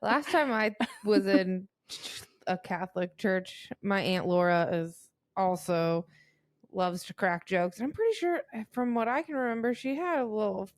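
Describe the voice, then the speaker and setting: Relaxed woman, a bit off-mic. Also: mid-range voice, unhurried, no room sound, studio quality. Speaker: podcast co-host. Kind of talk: casual chat.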